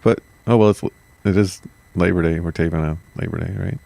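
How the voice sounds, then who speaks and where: A man's voice: low voice, a little fast, gravelly, warm tone, no room sound. A man co-hosting a podcast, chatting casually with profane jokes, frequent laughter and goofy asides. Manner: joking, profane, laughs often, does goofy voices. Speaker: podcast co-host. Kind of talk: casual comedic podcast chat.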